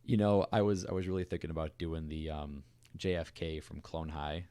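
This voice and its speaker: A man co-hosting a podcast, telling a history story in a relaxed, conversational way with fillers and asides. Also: rumbling low, normal speed, clear, resonant tone, no room sound. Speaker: podcast co-host. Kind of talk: casual storytelling chat.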